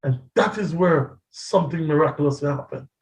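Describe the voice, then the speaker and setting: A man with a highish voice preaches a testimony sermon as a pastor at a moderate pace, dramatically telling his story and acting out the voices he quotes. The recording is echoey and distant.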